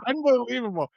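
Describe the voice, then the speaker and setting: A man's voice: very high-pitched, creaky, darkish tone, no room sound, dull audio. A man in his twenties co-hosting a podcast, telling a long rambling anecdote and acting out the other man's lines in casual chat. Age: 20s. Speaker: podcast co-host.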